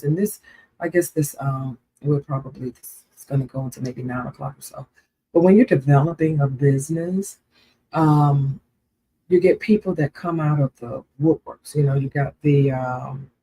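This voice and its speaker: A woman's voice: low voice, dark tone, a little hiss or hum, low-quality recording. A woman co-hosting a casual livestream chat, earnest and repeating herself for emphasis. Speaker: co-host.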